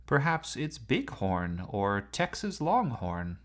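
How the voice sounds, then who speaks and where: A man's voice: lowish voice, big pitch swings, takes it slowly. A man voicing an eager, impulsive young male student with an earnest manner.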